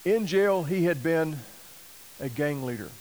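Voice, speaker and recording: A man preaching a sermon, telling a story in a folksy, animated way and acting out quoted voices. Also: fairly high pitch, measured pace, poor audio. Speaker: missionary preacher.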